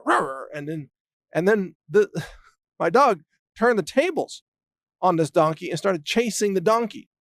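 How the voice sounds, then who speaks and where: Middle-aged male host, higher-pitched voice, dry close sound, chatty rambling storyteller who chuckles a lot. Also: fairly bright tone, no room sound. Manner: rambling, chuckling often, restarts. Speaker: show host. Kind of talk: casual anecdotal storytelling.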